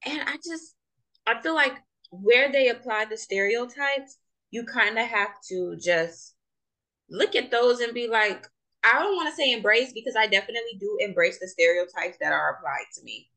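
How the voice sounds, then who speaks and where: A young woman with a bright, forceful voice hosts a relaxed podcast chat. She speaks with passion and strong opinions, pressing her points with emphasis. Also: on the high side, normal speed, rough recording. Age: young adult. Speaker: podcast host. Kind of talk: casual chat.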